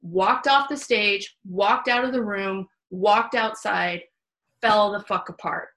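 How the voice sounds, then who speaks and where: A woman hosts a relaxed, open conversation in a bright, clear voice. She tells her stories in a lively, frank way and drops the odd swear word. Her pitch sits in the middle of the range. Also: slow, poor audio. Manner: animated, candid, salty storytelling. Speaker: host. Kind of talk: casual chat.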